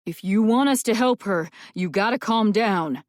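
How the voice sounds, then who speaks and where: A woman reading a steady male paramedic. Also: lowish voice, measured pace, no echo, studio quality. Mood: reassuring. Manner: firm, reassuring, coaxing. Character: steady male paramedic calming a hurt boy.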